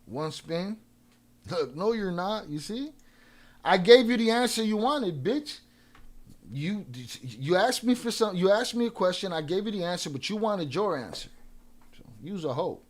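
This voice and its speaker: A man hosting a live stream in casual chat. He trash-talks trolls with a lot of swearing and gives quick shout-outs full of restarts. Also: high-pitched, expressive. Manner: profane and combative, trash-talking trolls.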